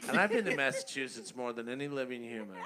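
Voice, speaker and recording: A man chatting as a guest on a comedy podcast, animated and quick to slip into impressions. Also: mid-range voice, crowd noise. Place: podcast studio.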